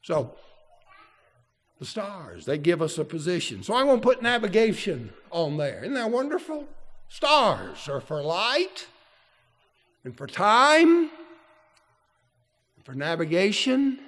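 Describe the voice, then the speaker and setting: A man's voice: sits high, wildly swooping pitch, a little slow, fairly bright tone. Male preacher, folksy sermon delivery, church hall with a long echo. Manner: folksy, asks the congregation questions.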